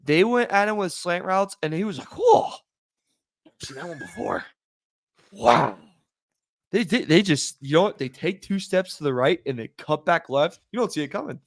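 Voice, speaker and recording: A man's voice: high voice, lively intonation, brisk, hardly any pauses, no echo, studio quality. A man co-hosting a sports podcast who jokes and talks sarcastically in casual chat. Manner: joking, sarcastic, storytelling. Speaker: podcast co-host.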